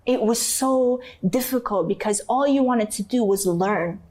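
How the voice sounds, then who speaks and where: A woman from North Africa, an interview guest, telling her story in a candid, emotional and animated way. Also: a little high, unhurried.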